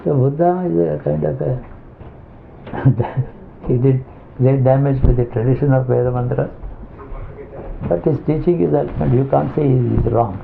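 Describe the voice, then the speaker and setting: A man giving a spiritual discourse as a teacher, halting and restarting as he searches for words. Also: medium pitch, gravelly. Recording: tinny phone-like lo-fi recording with faint hiss.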